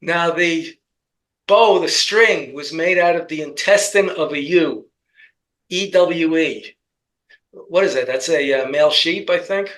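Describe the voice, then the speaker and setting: A man's voice: on the high side, a little slow, fairly bright tone, rough recording. A man with a New York accent in casual political commentary, telling rambling stories with jokes. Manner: rambling joking storyteller.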